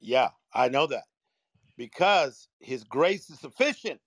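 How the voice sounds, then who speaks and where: A man's voice: medium pitch, animated, slow, a bit bright, no echo. A man chatting in an online audio room, enthusiastic and full of praise for the others.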